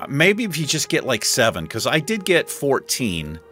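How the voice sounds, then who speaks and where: A man's voice: medium pitch, wildly swooping pitch, moderate pace, pushed and bright, faint music behind. A man casually commenting on his gameplay as host, swearing freely and joking sarcastically. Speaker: gaming host. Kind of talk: let's play commentary.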